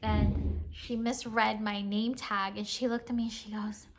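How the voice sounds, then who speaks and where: Here the same kind of craft vlogger talks at a measured pace, her medium-pitched voice barely rising or falling. Background noise runs under her giggly, casual show-and-tell, which is full of "like"s.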